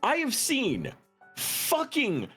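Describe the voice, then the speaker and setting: This is a streamer holding forth in casual chat during a game stream, profane and animated. The voice swings widely in pitch. Faint music runs in the background. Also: drawn-out words. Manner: animated, profane ranting with frequent laughter. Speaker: streamer and co-host.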